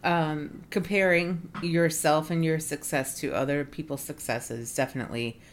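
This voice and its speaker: A woman's voice: sits low, fairly even intonation, normal speed. A woman in casual conversation, talking earnestly with lots of "like" and "you know". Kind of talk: casual podcast chat.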